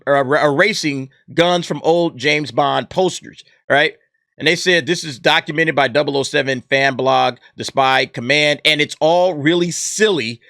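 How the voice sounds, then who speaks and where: Exasperated, mocking male commentator with a bright voice. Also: a little high, no echo, clean studio sound. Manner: exasperated, mocking, reads headlines aloud. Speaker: YouTube commentator. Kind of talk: casual reaction commentary.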